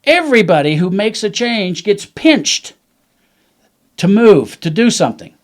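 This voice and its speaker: A man's voice: high voice, big pitch swings, a little slow. A man who is a guest in an interview, talking in a reflective way. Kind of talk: casual interview chat.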